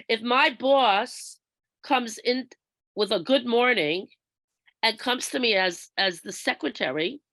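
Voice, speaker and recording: A woman trainer with a slightly high voice, talking slowly and deliberately as she explains each point. The sound is dry and close, with no room echo, as if heard over a video call. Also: fairly bright tone. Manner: measured, explanatory, acts out workplace examples. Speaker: workshop trainer. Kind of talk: instructional presentation.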